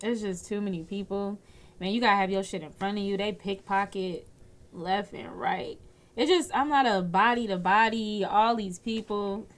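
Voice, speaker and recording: A woman's voice: medium pitch, normal speed. A woman comedian guesting on a radio talk show, chatting in a blunt, joking, profane way. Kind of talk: casual comedic chat.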